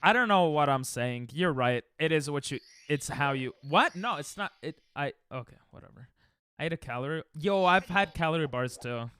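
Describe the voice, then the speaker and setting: A young man chats casually with his stream audience during a speedrun at home, rambling and joking while playing. He has a fairly high, clean, slightly bright voice with lively intonation and a moderate pace.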